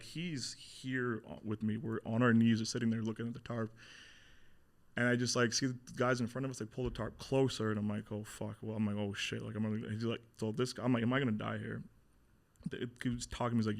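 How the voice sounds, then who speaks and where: A man's voice: mid-range voice, creaky, a bit bright. A man in his thirties telling his story as an interview guest, blunt and swearing often, acting out what people said. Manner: blunt, swears a lot, acts out quotes.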